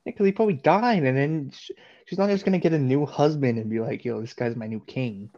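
Laid-back co-host, dull mic. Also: male voice, mid-range voice, a little fast, mellow. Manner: laid-back, laughing, easygoing banter. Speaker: podcast co-host. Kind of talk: casual podcast chat.

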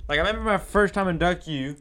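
A man's voice: high voice, quick pace, crowd noise. A young man in casual chat, laughing often and full of slang like bro and dude.

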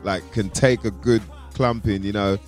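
A man co-hosting an MMA show, laid-back and slangy, chiming in with quick remarks and his own fight pick. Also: on the low side, steady tone, soft background music. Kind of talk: casual fight-pick chat.

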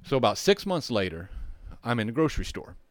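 A man's voice: medium pitch, big pitch swings, brisk, dry recording. A man telling a rambling, profane story from his firefighting job, with restarts and asides. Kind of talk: casual storytelling.

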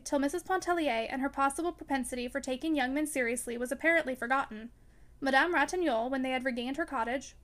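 A woman narrating a classic novel aloud with a high voice. Her reading is measured and even. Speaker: audiobook reader. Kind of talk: scripted narration.

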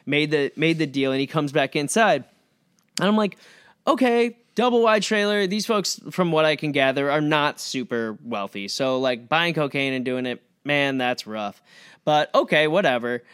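Smooth-voiced man telling a rambling story. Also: on the high side. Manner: rambling, animated, with many fillers and restarts. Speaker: podcast guest, record label founder. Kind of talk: casual storytelling.

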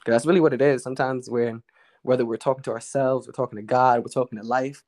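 A man, a guest poet, telling a story in a relaxed, candid way with slang and the odd swear word. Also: medium pitch, fast talker. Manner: relaxed, candid, uses street slang and profanity. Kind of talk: casual conversational storytelling.

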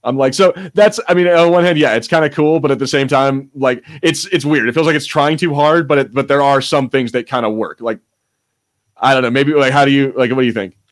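A man's voice: mid-range voice, steady tone, fairly quick. Rambling, joking man on a podcast. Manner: rambling, joking, swears casually. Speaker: podcast co-host. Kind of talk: casual podcast chat.

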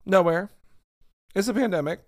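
A man's voice: high-pitched, moderate pace. Sassy, tired man chatting solo. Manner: sassy, animated storytelling with swearing. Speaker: podcast host. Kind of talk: casual solo chat.

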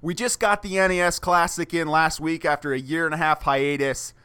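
A man's voice: a little high, steady tone, brisk, bright, forceful tone, clean tone. A young adult man hosting a podcast in casual comedic banter, playful and teasing, often slipping into silly voices. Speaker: podcast host.

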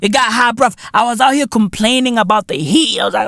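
A man hosting a podcast, ranting solo with loud swearing, swinging between shouts and low muttering. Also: sing-song, moderate pace, creaky, no echo, clean studio sound. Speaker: podcast host. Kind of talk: solo comedic rant.

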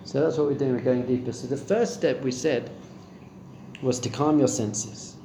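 Speaking at a normal speed with a mellow, medium-pitched voice, this middle-aged spiritual teacher leads a Torah class on meditation before a live audience. He keeps it conversational and asks the room questions. The recording sounds roomy, with slight background noise.

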